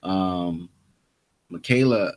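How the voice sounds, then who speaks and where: A young man with a fairly low voice recaps a TV episode in loose podcast chat. He restarts his sentences often and slips into the characters' lines as he goes. The tone stays casual and conversational. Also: extremely slow, a little mellow. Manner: retelling scenes with quoted lines, restarts. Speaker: podcast co-host.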